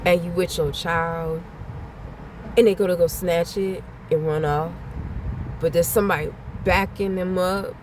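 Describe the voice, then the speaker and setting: A woman's voice: lowish voice, fairly even intonation, a little slow, darkish tone, slight background noise. A woman vlogger giving a channeled message in casual spoken warnings, blunt and repetitive, swearing freely.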